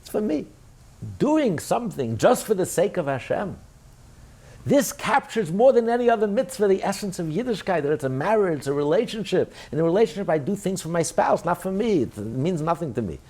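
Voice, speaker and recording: A man's voice: sits high, very animated, a little fast, darkish tone. A man teaching a rabbinic class, asking and answering his own questions and voicing God's words in the first person with rising emphasis. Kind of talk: Torah class lecture.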